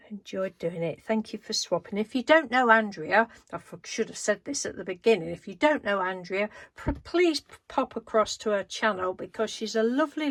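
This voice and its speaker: Woman, casual craft vlog, mid pitch, rambling chatter, dry recording. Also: no echo. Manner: chatty, rambling, often trails off and laughs. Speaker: craft vlogger. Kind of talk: casual show-and-tell.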